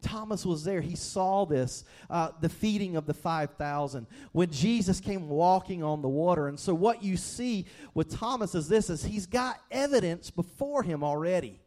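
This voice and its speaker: A male pastor delivering a sermon in an earnest, conversational way. His voice sits a little high for a man, and he often repeats or restarts words as he builds his point. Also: animated, normal speed, hardly any pauses, darkish tone.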